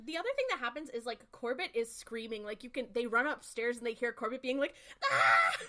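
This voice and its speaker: A woman co-hosting a podcast, chiming in with quick, laughing remarks in casual chat. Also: a little high, noisy background. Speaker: podcast co-host.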